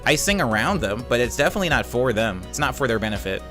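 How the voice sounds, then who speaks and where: A man's voice: mid-range voice, very animated, fast talker, bright, forceful tone. Male streamer at home, easygoing and rambling, chatting with viewers over faint music. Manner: laid-back, rambling, laughs easily, many fillers. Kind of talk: casual livestream chat reading viewer messages.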